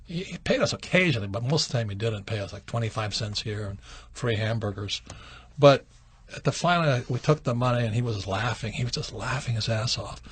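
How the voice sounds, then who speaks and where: On his call-in radio show, a man answers questions with stories about growing up, told casually and livened up when he voices quotes. He speaks a little fast in a mid-range voice with a breathy edge, and the recording has no room sound.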